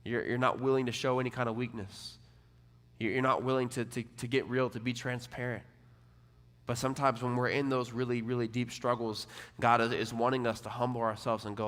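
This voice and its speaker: A young man from Texas, giving a casual, conversational sermon to a college ministry. He leans on lots of fillers and repeated words, and drops lower and quieter when quoting people. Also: flat delivery, fairly quick. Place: church or ministry hall. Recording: long hall reverb.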